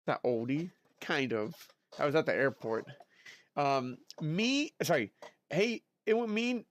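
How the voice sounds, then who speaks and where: A man chatting playfully on a livestream, his voice leaping up and down in pitch. He talks at an easy, unhurried pace, keeps up a running banter with his audience, and sounds close and dry on his mic. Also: very animated, no echo. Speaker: streamer. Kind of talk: casual livestream chat.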